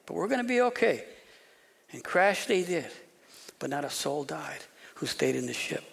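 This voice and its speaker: A pastor preaching an animated sermon, often repeating words and dropping to a whisper for emphasis. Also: male voice, a little high, moderate pace, creaky, slightly rough. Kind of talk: expository sermon.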